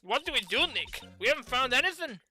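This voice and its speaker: A woman voicing a peppy, excitable young female sidekick who talks eagerly. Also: high voice, fairly quick, faint music behind, full character voice.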